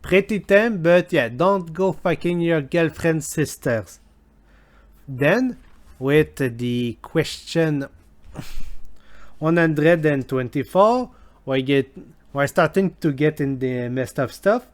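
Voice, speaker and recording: A man voicing a cheeky male intern in a deliberately bad fake Scottish accent, reading text aloud and translating it as he goes. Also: fairly high pitch. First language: French. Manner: loud, chirpy, reads text aloud while translating.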